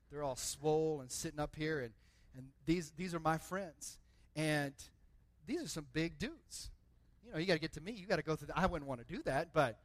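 High-voiced preaching man, dry sound. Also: dry recording. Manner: builds from quiet to loud and preachy, repeats words. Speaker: pastor. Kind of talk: sermon. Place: church.

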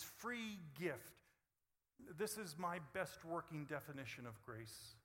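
A male preacher delivers a sermon in a fairly high, forceful, bright voice. He shifts from hushed, intimate phrasing to loud, emphatic bursts. The sound carries a long hall reverb. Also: very animated, unhurried. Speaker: pastor.

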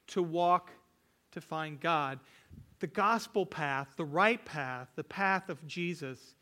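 A man's voice: a little high, slow pace, pushed and bright. A man preaching a sermon as a pastor, earnest and repetitive, building emphasis on key phrases.

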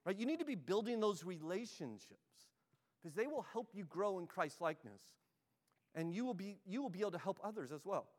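A man's voice: sits high, sing-song, a little fast, big-room sound. A man preaching a sermon as a pastor, conversational and repetitive, often checking in with "right?". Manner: conversational, frequent "right?" check-ins, repeats words. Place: church sanctuary.

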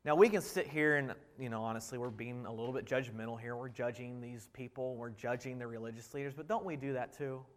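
A man preaching a sermon, animated and full of rhetorical questions, dropping to a hush and rising again. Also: mid-range voice, fairly quick, hardly any pauses. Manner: animated, rhetorical questions, swings between loud and hushed. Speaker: pastor. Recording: reverberant hall.

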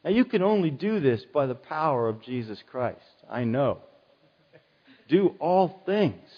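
A man's voice: medium pitch, sing-song, normal speed. A middle-aged male pastor preaching a sermon in an earnest, conversational way, often repeating his key phrases. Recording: dull sound with long hall reverb.

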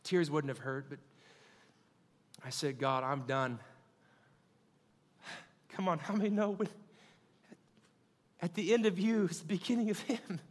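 A man's voice: a little high, measured pace, long pauses, long reverb tail. A man in his thirties preaching a sermon, calling out to the congregation and building to fervent peaks. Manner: call-and-response, rising to fervent shouting.

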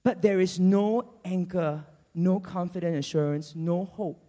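A man preaching a sermon, telling a Bible story in an animated way and acting out its characters. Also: high voice, a little slow. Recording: long church hall reverb.

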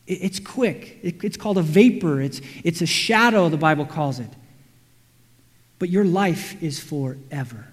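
A man preaching a sermon, animated, acting out quotes and everyday scenes. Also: fairly high pitch, a little slow. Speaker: pastor. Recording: reverberant hall.

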